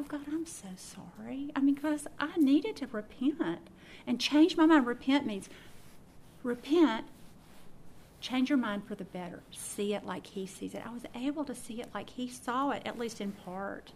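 Animated woman telling a faith story. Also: fairly high pitch, moderate pace. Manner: animated, acts out her own thoughts and laughs. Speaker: speaker teaching a prayer practice. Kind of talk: informal sermon storytelling.

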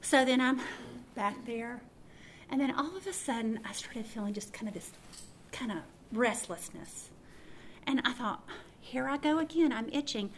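A middle-aged woman giving an informal sermon, telling a story and acting out her own thoughts with lively swings of voice. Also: fairly high pitch, a little slow, a little hiss or hum. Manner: animated, acts out her own thoughts and laughs. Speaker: speaker teaching a prayer practice.

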